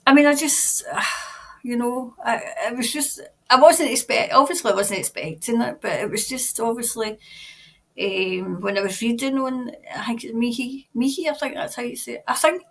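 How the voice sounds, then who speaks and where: A woman's voice: on the high side, moderate pace. A Scottish woman reading tarot on a casual livestream, chatting in a rambling way with lots of fillers and frequent laughs. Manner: chatty and rambling, laughs often, many "like" and "you know" fillers. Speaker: tarot reader reading viewer comments.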